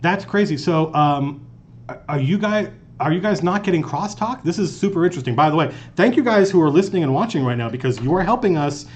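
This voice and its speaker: Hosting a live stream from an office conference room, a game master with a voice on the high side speaks fairly quickly. He tells casual, animated, rambling stories with many restarts on a lapel mic, and the highs are cut off.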